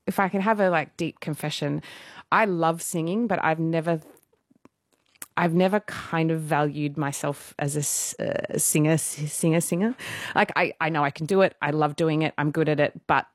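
A woman in her thirties, a musical theatre performer, telling stories as a guest in a casual radio interview, animated and self-deprecating, laughing often. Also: sits low, moderate pace, no room sound, studio quality.

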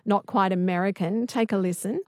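A woman's voice: mid-range voice, a little fast, darkish tone, a little hiss or hum. A woman hosting a radio talk show, chatting easily and reading out listener messages. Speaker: radio host. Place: radio studio.

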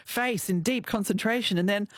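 A woman's voice: medium pitch, normal speed, no room sound. A woman hosting a radio show, chatting playfully and laughing often. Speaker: radio host. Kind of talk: casual radio chat.

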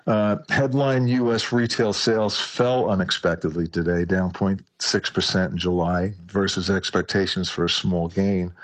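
Deep-voiced New financial advisor. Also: male voice, no echo. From New York, USA. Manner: relaxed, hesitant with many fillers. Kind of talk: market report on talk radio. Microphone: remote line from New York.

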